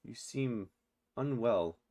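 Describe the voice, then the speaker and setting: A composed high elf advisor to a queen, as a man voices him at the game table. He speaks slowly and formally, keeping his tone level and close to an everyday voice. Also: expressive, mellow.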